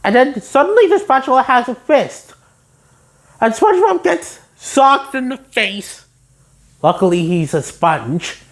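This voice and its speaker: A woman's voice: fairly high pitch, very animated, takes it slowly. Giggly woman recapping a cartoon. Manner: giggly, chatty retelling. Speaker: cartoon episode reviewer. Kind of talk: casual episode recap.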